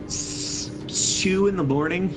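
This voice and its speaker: A man's voice: sits high, expressive, takes it slowly, rough recording. A man in his twenties, a gaming streamer, telling a rambling, profane story over his gameplay.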